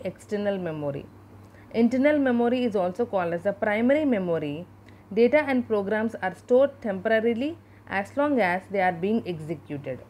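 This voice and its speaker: A woman's voice: mid-range voice, mellow, a little hiss or hum. A woman teacher giving a school computer science lesson over slides, explaining terms one by one and spelling out abbreviations. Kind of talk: classroom lecture over slides.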